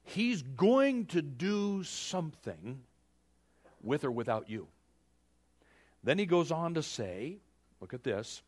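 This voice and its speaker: A male preacher giving a sermon with animated storytelling, speaking straight to his listeners. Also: mid-range voice, a little slow.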